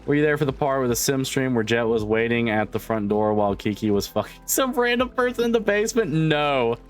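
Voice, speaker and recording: A man's voice: medium pitch, animated, fairly quick, faint music behind. A man streamer chatting casually with his viewers, swearing freely and laughing often. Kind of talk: casual chat with livestream viewers.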